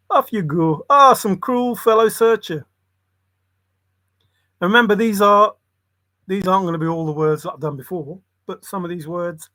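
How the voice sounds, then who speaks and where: A man's voice: a little high, fairly bright tone, slightly rough, no echo. A man hosting a livestream, muttering loose word associations and breaking into bits of song. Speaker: livestream host.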